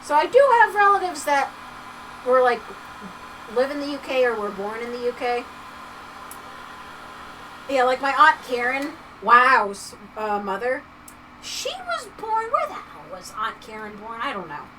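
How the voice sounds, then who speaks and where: A bright, high-voiced woman rambles through a casual livestream chat, her pitch swinging widely as she talks. She sits a little back from the mic, and a faint background hiss runs under her voice. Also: lively intonation, measured pace, long pauses, far from the mic, poor audio. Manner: rambling, chatty, lots of filler words. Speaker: livestream host. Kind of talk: casual chat while crafting. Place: home crafting space.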